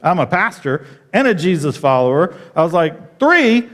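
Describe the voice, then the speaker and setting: A pastor tells a story from the pulpit in a high tenor, his voice leaping up whenever he relives how indignant he was. The long reverb of a church auditorium hangs on every line. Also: normal speed. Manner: animated, jumps high when retelling his outrage. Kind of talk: sermon storytelling.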